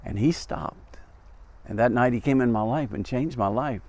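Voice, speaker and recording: A middle-aged male pastor from Arkansas preaching a devotional sermon outdoors, telling the story earnestly and dropping to soft, intense tones for emphasis. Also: medium pitch, normal speed. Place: outdoors by a busy road.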